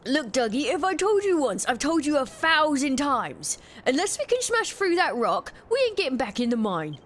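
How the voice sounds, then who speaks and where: A brash young miner voiced by a woman waves strangers off. The voice sits high and swings widely in pitch. The slangy, mocking dialogue is read straight out of a video game. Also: sing-song, normal speed. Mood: dismissive. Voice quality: slangy, mocking, shooing people off. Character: brash cocky young male miner, dismissive. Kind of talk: reading game dialogue aloud.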